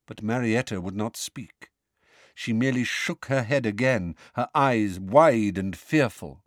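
A man narrating an audiobook in expressive scripted storytelling. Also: fairly low pitch, measured pace, no room sound, clean studio sound.

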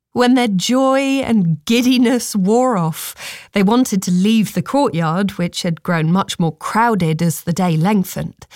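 A woman narrating a storybook in a calm, measured reading voice. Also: mid-range voice, dry recording, clean studio sound.

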